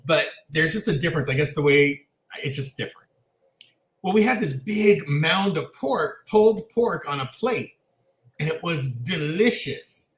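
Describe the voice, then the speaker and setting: A man with a fairly high voice tells stories in a lively, animated way, laughing as he goes. His casual chat sounds echoey, as if recorded in a bare room. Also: unhurried. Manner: animated storyteller, laughs often. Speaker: co-host.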